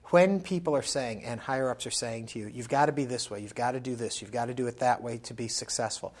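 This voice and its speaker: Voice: mid-range voice, fast. An interviewer asking curious, prompting questions and laughing along with the guest.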